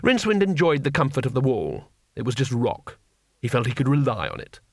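Expressive male audiobook narrator. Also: mid-range voice, fairly quick, no room sound. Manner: wry, expressive storytelling. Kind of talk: scripted narration.

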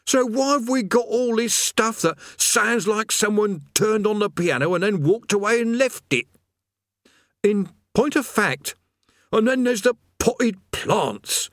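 A man's voice: high voice, sing-song, a little slow, a bit bright, no echo, studio quality, pitched above the performer's own voice, heavily acted. A man voicing a weary, put-upon male demon doorman of hell who grumbles mournfully, in an audiobook reading. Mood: mournful grumbling. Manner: grumbling, mournful, plain-spoken. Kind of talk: audiobook character voice.

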